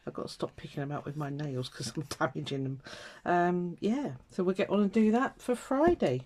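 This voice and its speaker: A woman talks through her craft work in a relaxed, chatty way, muttering to herself and laughing now and then. Her voice sits low and mellow, a little rough from the morning. Faint noise and clicks sit behind her. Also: moderate pace. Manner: chatty, self-talking, laughing asides. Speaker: craft channel host. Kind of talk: casual crafting chat.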